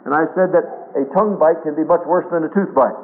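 Man, pastor, earnest sermon, fairly high voice, tinny phone-like radio sound. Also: quick pace. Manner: earnest preaching, quoting scripture in old English.

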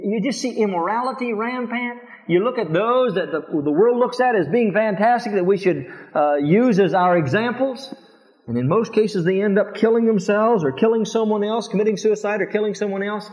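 High-voiced preacher in a reverberant church. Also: male voice. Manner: preaching with animated quoted voices and rhetorical questions. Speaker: pastor. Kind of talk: sermon. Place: large church sanctuary. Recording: dull lo-fi recording with long hall reverb.

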